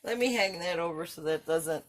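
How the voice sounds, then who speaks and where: A woman with a lowish voice chats at a moderate pace while hosting a craft channel video, laughing often and poking fun at herself as she works. Background noise can be heard in this casual craft-along.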